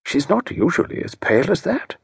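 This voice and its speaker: A man voicing a fussy, earnest elderly gentleman who talks slowly and a bit flustered in an audiobook. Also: high voice, sing-song, gravelly, husky, no room sound, studio quality, voice pushed up, exaggerated voice.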